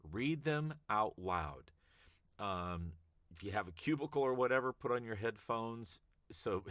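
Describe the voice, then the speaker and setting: A man's voice: deep voice, a bit bright, dry recording. A man who works as a voice actor, talking casually and emphatically about how scripts should sound. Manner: conversational, emphatic, demonstrates readings. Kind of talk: casual advice talk to camera.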